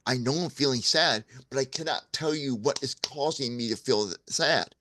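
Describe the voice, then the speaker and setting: Earnest guy giving advice, candid, keeps saying okay, mid pitch. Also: normal speed, bright, forceful tone, a little hiss or hum. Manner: earnest, repeats "okay?" to check in with listeners; candid, shares personal examples. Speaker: vlog host giving marriage advice. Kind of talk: casual advice talk to camera.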